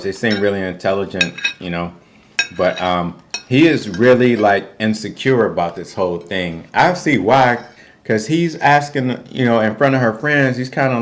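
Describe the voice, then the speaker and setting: A man co-hosting a casual reality TV recap, animated and slangy, jumping into a high voice to act out quotes. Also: a little hiss or hum. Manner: informal, slangy. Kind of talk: casual recap chat over a meal.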